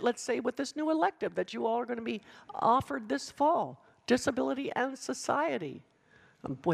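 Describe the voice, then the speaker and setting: A woman preaches to a room of students with passionate emphasis and dramatic pauses. Her voice has a gravelly edge, and her pitch swings widely as she drives each point home. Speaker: speaker addressing students. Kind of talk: sermon.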